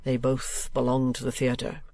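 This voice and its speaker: A man voicing a pompous, penny-pinching older male rate collector, slow and fussy in his talk. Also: medium pitch, monotone, creaky, darkish tone. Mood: anxious.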